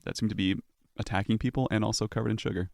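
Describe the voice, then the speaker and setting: A man's voice: lowish voice, fairly even intonation, rapid-fire, creaky, darkish tone, no room sound. A man running a tabletop game as game master, narrating the scene in a loose, descriptive way.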